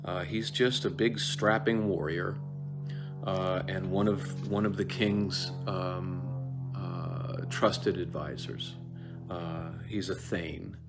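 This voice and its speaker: Low-voiced man lecturing casually. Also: fairly even intonation, over music. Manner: digressive, many fillers and restarts; acts out lines in quick quoted voices. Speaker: actor teaching Shakespeare.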